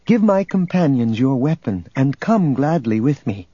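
A man's voice: mid-range voice, big pitch swings, measured pace, dark tone, husky, dry recording. A man voicing an earnest, anxious young boy in an audiobook. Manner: anxious, pleading. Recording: dull lo-fi recording, faint music.

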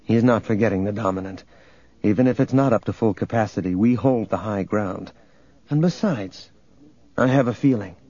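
A calm young jedi who speaks with quiet assurance, read by a man in his own husky voice. The audiobook recording is dull and a little muffled. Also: on the low side, normal speed.

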